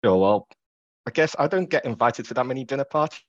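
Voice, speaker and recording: A man working as a security researcher, talking in a relaxed, wry, conversational way as a podcast guest. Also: mid-range voice, fast talker, highs cut off. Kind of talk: podcast interview.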